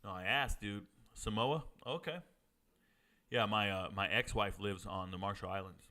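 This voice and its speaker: A man from Georgia hosting a live sports watch party, chatting and joking with viewers and reacting loudly to plays. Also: lowish voice, normal speed. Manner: joking banter with chat, excited outbursts. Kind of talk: casual live-stream commentary.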